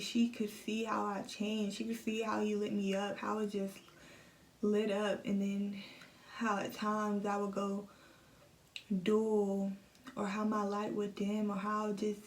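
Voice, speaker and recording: A young woman vlogging a personal story into her phone, emotional and halting, often repeating herself. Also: medium pitch, a little mellow. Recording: echoey room, phone set at a distance.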